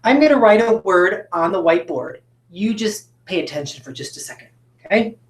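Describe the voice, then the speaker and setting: A woman's voice: mid-range voice, animated, fairly quick, echoey room. A woman teacher giving an upbeat phonics lesson at a whiteboard, talking straight to her students and often checking "right?". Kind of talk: recorded classroom phonics lesson. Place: classroom with a whiteboard.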